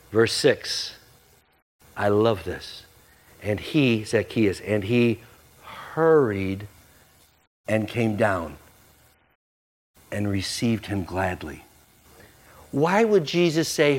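Pastor preaching a casual, animated sermon with a very lively voice. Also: male voice, lowish voice, slow, pauses often. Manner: animated, conversational, jokey.

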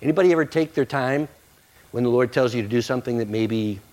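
A man's voice: mid-range voice, fast talker. A man preaching a sermon, conversational and joking with the congregation. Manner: animated, conversational, jokey. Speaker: pastor.

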